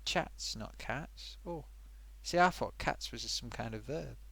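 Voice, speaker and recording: A man's voice: mid-range voice, animated, takes it slowly, creaky, bright, forceful tone, husky. A man hosting a live stream in a rambling, chatty, self-amused way, reading out viewer comments with lots of fillers. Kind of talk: casual live-stream chat.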